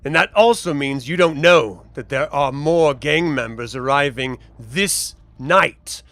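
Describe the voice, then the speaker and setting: A man's voice: on the high side, a little slow, fairly bright tone, no room sound. A man voicing a sinister, red-robed male cultist who taunts and threatens. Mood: menacing. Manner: menacing, taunting.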